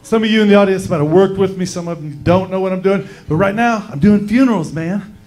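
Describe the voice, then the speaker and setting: A man's voice: high-pitched, a little fast, a little mellow. A man doing a brash, crude stand-up set on a comedy club stage.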